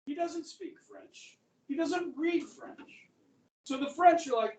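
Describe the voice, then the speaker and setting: This very high-pitched male teacher tells American history as a story, taking it slowly in a darkish tone. He keeps it chatty and checks in with "okay?" again and again, captured at a distance in an echoey, spacious classroom.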